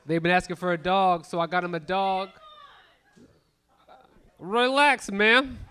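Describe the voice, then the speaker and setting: A man in his thirties doing profane, animated stand-up comedy on a club stage, bantering with the crowd. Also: high voice, measured pace, a little hiss or hum. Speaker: stand-up comic.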